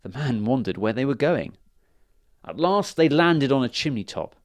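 Male storyteller for children's fairy tales, animated voice, dry close sound. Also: medium pitch, moderate pace, no room sound. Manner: lively, expressive storytelling.

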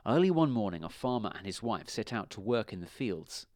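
A man reading a children's storybook aloud with expressive delivery. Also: fairly low pitch, fairly quick, dry recording, clean studio sound.

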